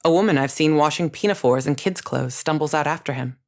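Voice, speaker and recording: A woman narrating a first-person story in a measured, scripted reading. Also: deep voice, a little mellow.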